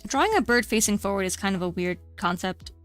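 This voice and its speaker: A woman's voice: mid-range voice, animated, fairly quick, soft background music. A young adult woman streamer chatting casually while drawing, rambling with many fillers and restarts.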